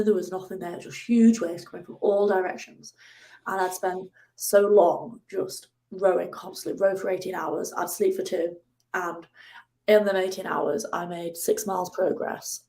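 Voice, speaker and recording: A young woman, a guest telling a lively personal story in a casual interview, now and then acting out her own angry shouts. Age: 20s. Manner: animated, acts out her own angry outbursts in a higher voice. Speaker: guest, ocean rower.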